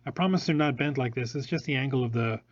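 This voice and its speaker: A man's voice: medium pitch, quick pace, dull audio. A man hosting a live product showcase, rambling along with many fillers and restarts, recorded on a phone. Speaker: jewelry showroom host.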